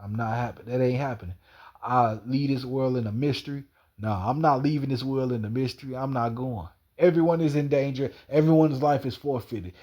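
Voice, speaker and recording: A man's voice: medium pitch, a little mellow. A man rambling through a slangy personal monologue, stumbling, repeating himself and calling an absent person by name. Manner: slangy, repetitive, stumbling retelling.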